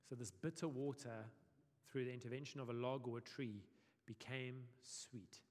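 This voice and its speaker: Guy pastor preaching, chatty and jokey, mid pitch, long echo from the hall. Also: moderate pace. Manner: lively, conversational, humorous. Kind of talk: sermon.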